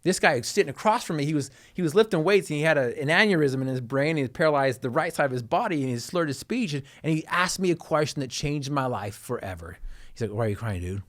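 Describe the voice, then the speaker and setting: A man, a guest speaker, telling an emotional personal story in an earnest, intense way, his voice dropping low at key moments. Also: expressive, fast, few pauses, a bit bright.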